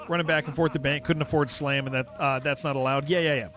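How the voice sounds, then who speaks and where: This streamer, a young man from San Diego with a Californian accent, talks fast in a steady, somewhat bright voice on the high side. Chatting casually as he plays a game, he rambles, starts sentences over, and says "dude" a lot. Faint music plays behind him.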